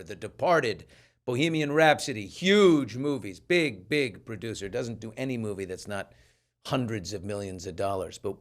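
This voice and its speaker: A man hosting a talk show, chatting casually and telling stories with animation, acting out the people he quotes. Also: lowish voice. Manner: animated storyteller who acts out quoted people. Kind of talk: casual chat.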